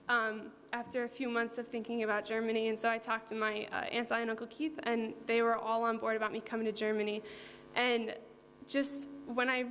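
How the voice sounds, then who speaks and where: A woman's voice: fairly high pitch, fairly bright tone. A young woman from New Jersey giving an earnest, heartfelt church testimony, with frequent ums and likes. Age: young adult. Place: church hall. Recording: hall reverb with faint hum.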